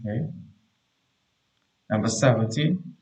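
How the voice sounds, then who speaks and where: A man leads a live online grammar lesson at a middle pitch, reading sentences aloud and repeating them slowly before he explains them. He talks into a computer mic and speaks straight to his pupils in the chat. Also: expressive, a little mellow, low-quality recording. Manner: reads each line aloud and repeats it slowly. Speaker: primary school teacher.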